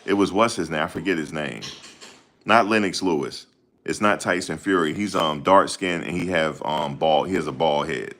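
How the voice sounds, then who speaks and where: A man's voice: extremely low pitch, moderate pace, a bit bright. A man in casual chat, talking in a slangy, rambling way and often searching for names. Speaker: host.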